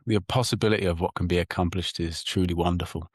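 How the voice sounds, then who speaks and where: A man, a psychotherapist speaking as a guest in a measured, reflective way and often repeating words as he thinks. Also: low-pitched, fairly even intonation, breathy edge, no room sound, clean studio sound. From England. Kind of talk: reflective interview talk.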